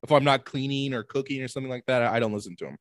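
A man's voice: medium pitch, rapid-fire, no room sound, studio quality. A young man co-hosting a podcast in casual chat, rambling in a laid-back way and swearing. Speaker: podcast co-host.

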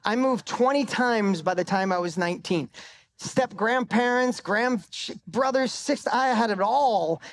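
A man's voice: high-pitched, a little slow. A middle-aged man giving a live motivational talk on stage into a microphone, telling a personal story with emphatic swearing and a voice that climbs for punchlines. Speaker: motivational speaker.

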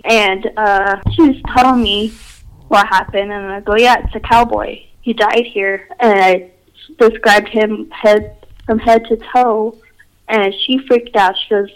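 A woman's voice: medium pitch, fairly even intonation, measured pace, poor audio. A woman telling her own ghost experiences in casual, rambling talk, full of "like" and restarts. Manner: rambling, filler-heavy, says "like" often. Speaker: storyteller. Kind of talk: casual personal storytelling.

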